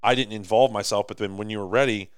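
A man with an American accent co-hosting a podcast in casual chat, rambling and animated, swinging between loud and soft. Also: on the low side, quick pace, clear, resonant tone, no room sound, clean studio sound. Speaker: podcast co-host.

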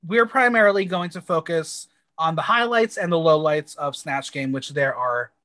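A woman's voice: low voice, normal speed, fairly bright tone, no echo, studio quality. A woman from the United States co-hosting a podcast, recapping a TV episode in blunt, crude, playful chat with exaggerated reactions. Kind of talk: casual chat.

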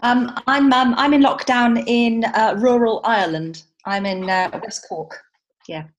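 A woman's voice: a little high, measured pace, muffled recording. A woman who founded a support network, talking thoughtfully as a guest on a group video call. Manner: thoughtful, reflective. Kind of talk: casual group chat on a call.

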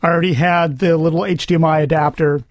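A man's voice: a little high, fairly even intonation, fast talker, dry recording, clean studio sound. A man co-hosting a casual podcast, playful and enthusiastic. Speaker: podcast co-host. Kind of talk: casual chat.

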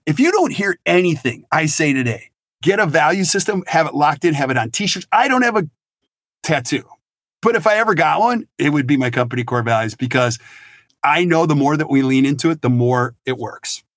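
A middle-aged man, a business consultant guest on a podcast interview, talking in an energetic, emphatic and blunt way. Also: a little high, fairly quick, no echo, studio quality.

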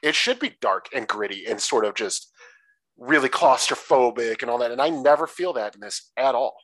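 Lively, blunt man from Detroit. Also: medium pitch, normal speed, no echo, low-quality recording. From Detroit area. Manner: animated, blunt, profane. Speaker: podcast co-host. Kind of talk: casual movie review chat.

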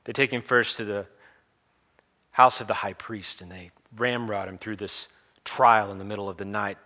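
Preacher guy telling the story casually, funny and lively, bright tone. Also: fairly low pitch, normal speed. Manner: animated, conversational, humorous. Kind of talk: storytelling sermon.

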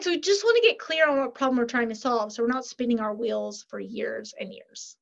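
Woman guest coach, high voice, lively, plays out quotes; lo-fi muffled audio. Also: vocal fry. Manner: animated, quick, acts out quoted dialogue. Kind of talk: casual interview talk.

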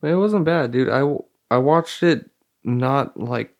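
A man's voice: mid-range voice, normal speed, vocal fry. A young man co-hosting a casual podcast chat, loose and profane, with many fillers. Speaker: podcast co-host.

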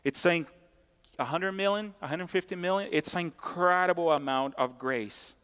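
A man's voice: on the high side, normal speed, fairly bright tone, clear, resonant tone. A man preaching a sermon as pastor, emphatic and conversational, repeating key points and tossing asides to the congregation. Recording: long hall reverb.

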